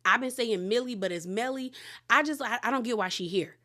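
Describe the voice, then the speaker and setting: A woman's voice: on the high side, a little fast, sharp tone. A woman hosts a casual recap of a reality show. She tells the story with big energy and acts out each quote as she goes, and her chat is loose and full of laughter.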